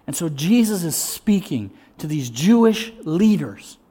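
A middle-aged man preaching a sermon as pastor, swinging from loud, lively storytelling to hushed, slow emphasis. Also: on the high side, husky.

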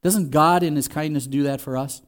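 A man's voice: fairly high pitch, moderate pace. A man preaching a sermon in a conversational way, acting out the quoted voices as he goes. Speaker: pastor.

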